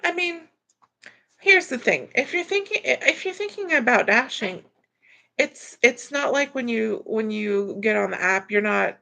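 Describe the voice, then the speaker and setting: A woman's voice: on the high side, expressive, unhurried, gravelly, bright, forceful tone. A woman hosting a casual livestream, reading viewer comments and rambling through answers with frequent restarts. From Florida, US. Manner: rambling, repeats words when restarting. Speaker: livestream host reading chat. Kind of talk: casual live chat.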